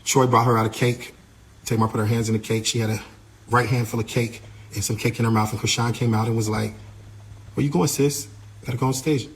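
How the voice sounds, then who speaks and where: A man working as a tour manager, telling what happened in a casual, animated way, often repeating himself and acting out what others said. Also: lowish voice, quick pace. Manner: animated, repeats himself, acts out quoted voices. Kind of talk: casual storytelling account.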